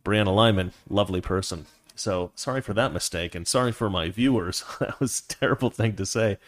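Rambling, low-voiced male livestream host. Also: a little fast. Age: adult, past his teens. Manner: rambling, self-correcting, laughs often. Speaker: livestream host reading viewer comments. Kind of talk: casual livestream chat.

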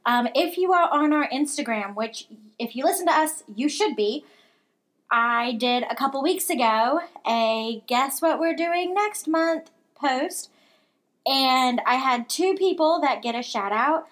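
A woman hosting a casual book podcast with a high voice. She talks in a chatty, rambling way, stopping and restarting her thoughts as she goes. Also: animated, unhurried, fairly bright tone. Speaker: podcast co-host. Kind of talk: casual chat.

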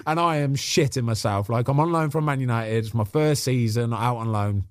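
A man, a podcast guest and former goalkeeper, telling chatty stories in a lively way and acting out the quotes. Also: mid-range voice, fairly quick, no echo, clean studio sound. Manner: animated, acts out quotes, chatty. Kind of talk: casual storytelling.

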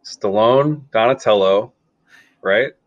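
A man's voice: lowish voice, takes it slowly, no echo. Jokey man on a dull mic. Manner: jokey, self-deprecating, laughs often. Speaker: podcast co-host. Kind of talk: casual movie-riffing chat.

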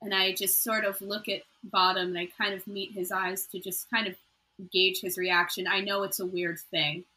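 A woman's voice: mid-range voice, little pitch movement, normal speed, bright, forceful tone, poor audio. A woman playing a tabletop game, eagerly describing what her character does. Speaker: player. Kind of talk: tabletop role-play.

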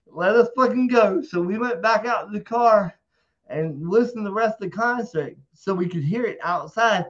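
A man, an interview guest, telling a story casually, swearing freely and acting out what people said. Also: high-pitched. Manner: profane, animated, acts out quotes. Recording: dull lo-fi audio.

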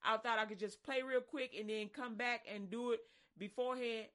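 A woman's voice: a little high, fairly even intonation, moderate pace, a bit bright, lightly acted. A woman voicing a young boy caught skipping chores, muttering frantically to himself and then pleading with his mother.

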